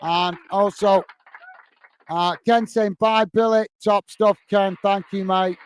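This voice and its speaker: A man's voice: high voice, steady tone, takes it slowly, smooth. A man hosting a football fan livestream, casually reading out viewer comments in a friendly, chatty way, full of "uh" and "mate". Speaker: football channel host.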